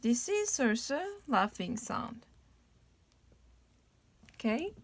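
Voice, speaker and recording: With a voice on the high side and big swings in pitch, a young Korean-accented woman from South Korea guides learners through a beginner lesson. Slow and patient, she sings out examples of playful laughing sounds.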